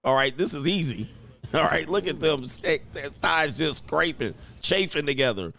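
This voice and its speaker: A man's voice: fairly high pitch, animated, normal speed, gravelly, pushed and bright. A middle-aged man hosting casual commentary, brash and crude, laughing often. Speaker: host. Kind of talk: casual commentary reacting to clips.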